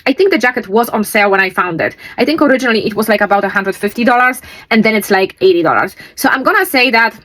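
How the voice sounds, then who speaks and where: A woman's voice: mid-range voice, expressive, quick pace, a bit bright. Chatty woman sewing vlogger. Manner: chatty, rambling, with fillers. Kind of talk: casual chat.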